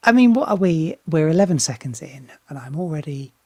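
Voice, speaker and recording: Halting, enthusiastic woman reacting to music. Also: sits low, expressive, warm tone, no echo, studio quality. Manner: halting, repeats words, swears freely, enthusiastic. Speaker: singer reacting to a music video. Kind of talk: casual reaction commentary.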